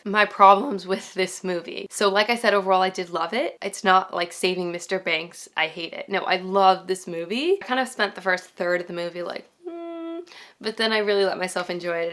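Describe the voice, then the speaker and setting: A woman's voice: mid-range voice, fairly bright tone. A woman giving a casual, chatty movie review to her viewers, full of "like" and asides to "guys". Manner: chatty, fillers "like" often, talks to viewers as "guys".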